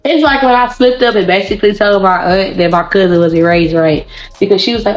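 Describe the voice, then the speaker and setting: A hoarse woman giving a casual tarot reading to camera, blunt, profane and rambling as she talks. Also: mid-range voice, quick pace, muffled recording, soft background music. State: hoarse, voice partly gone. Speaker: tarot card reader. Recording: roomy echo.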